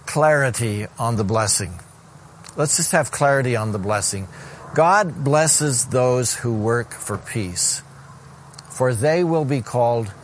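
A male pastor delivering a sermon in an earnest, measured way, often pausing on fillers and repeating words. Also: mid-range voice, slight background noise.

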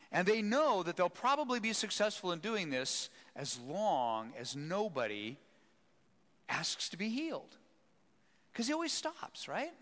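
A male preacher telling a Bible story with an animated, swooping delivery and a bright, forceful tone. His fairly high voice carries a long reverb, as if he is recorded in a large hall. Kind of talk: sermon storytelling.

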